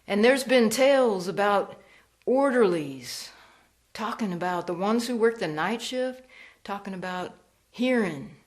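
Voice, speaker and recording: A woman storyteller performing a ghost story, slow and hushed, dropping to whispers. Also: medium pitch, lively intonation.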